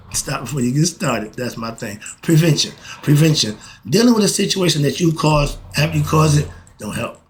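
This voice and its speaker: In a laid-back spiritual talk, the middle-aged host preaches with enthusiasm, asking questions only to answer them himself. Passionate bursts give way to more measured stretches and back again. His pitch is fairly high.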